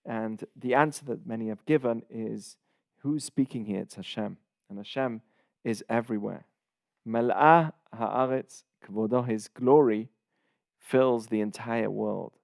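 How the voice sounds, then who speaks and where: A man's voice: mid-range voice, gravelly, a little mellow, no room sound, clean studio sound. Man teaching a casual Torah lesson. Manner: explains in short phrases with pauses, glossing Hebrew terms.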